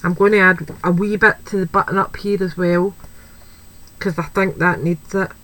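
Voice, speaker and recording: A woman's voice: fairly low pitch, steady tone, normal speed, fairly bright tone, rough recording. A woman chatting through a card-making tutorial, thinking aloud as she works and making light of her own slips. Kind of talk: craft tutorial, talking while working.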